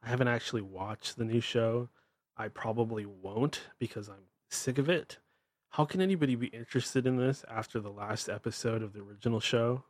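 A man's voice: mid-range voice, a little fast, no echo. A man with a Pacific Northwest American accent hosting his show, ranting bluntly and irreverently. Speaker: podcast host. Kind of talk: ranting monologue.

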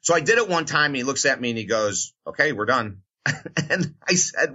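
A man's voice: medium pitch, expressive, moderate pace, sharp tone, husky, highs cut off. A man, a radio host and motivational speaker, telling a career story in an interview and acting out the voices of the people in it.

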